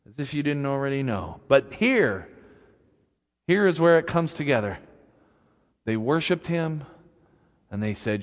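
A man preaching slowly and deliberately, mixing careful teaching with casual, chatty asides. His voice has an even middle pitch and carries a long reverb from the church sanctuary around him. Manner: slow, conversational preaching with asides. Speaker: pastor. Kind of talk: sermon.

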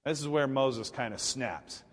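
A male pastor preaching a sermon, retelling a story in a conversational, animated way with frequent restarts. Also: mid-range voice, measured pace, in a large hall. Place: church sanctuary.

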